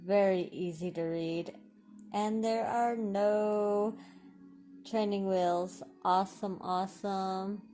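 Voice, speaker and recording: A woman, chatting excitedly to viewers while unboxing craft supplies. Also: medium pitch, slow pace, faint music behind. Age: 40s. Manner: gushing, excitable, talks to viewers. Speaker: crafting vlogger. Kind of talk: casual unboxing commentary.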